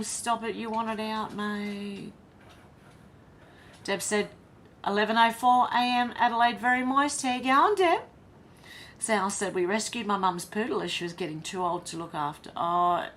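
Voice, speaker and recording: A woman's voice: medium pitch, a bit bright, a little hiss or hum. An Australian woman hosting a casual livestream, reading viewers' comments aloud and chatting back to them. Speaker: livestream host reading chat.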